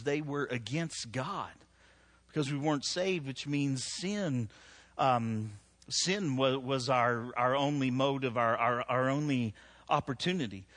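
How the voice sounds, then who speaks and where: A middle-aged man preaching a live sermon in a conversational, joking way, his voice climbing high when he stresses scripture. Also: a bit bright. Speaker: pastor.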